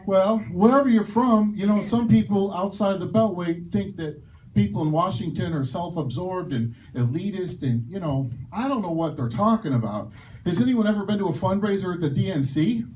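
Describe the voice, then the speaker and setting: A man doing a stand-up comedy set in a club, loud with the crowd and self-mocking in his punchlines. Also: high voice, expressive, normal speed, far from the mic, a little hiss or hum, poor audio.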